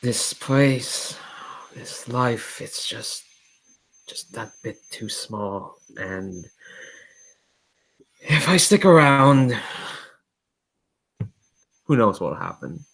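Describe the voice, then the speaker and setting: A man voicing a restless young woman in a tabletop game, speaking quietly and hesitantly, half in a whisper. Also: mid-range voice, animated, very slow, long pauses, husky, full character voice, low-quality recording. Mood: wistful.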